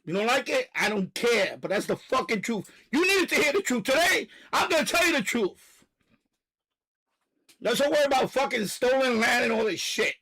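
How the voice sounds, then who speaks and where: A man with a strikingly high voice rants on a live stream, loud, coarse and repeating himself. He drives each point with shouted outbursts and runs short of breath. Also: very animated, normal speed, rough recording. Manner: loud, profane, repetitive ranting. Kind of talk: ranting live stream monologue.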